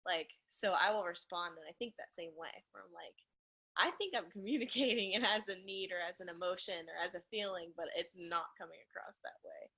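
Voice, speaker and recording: A woman's voice: lowish voice, brisk, sharp tone, slightly rough. A woman taking part in a video-call Q&A, asking earnest questions and reflecting on her own relationship. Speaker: webinar participant. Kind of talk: casual conversational Q&A.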